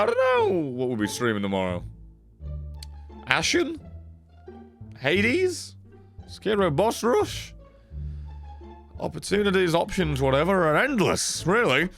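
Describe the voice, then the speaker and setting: A man chats loosely at the end of a stream. He swears constantly and gets riled up easily, and his slightly high voice swings wildly up and down. Faint music plays behind him. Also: gravelly. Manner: profane, excitable, rambling. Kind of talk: casual stream sign-off chat.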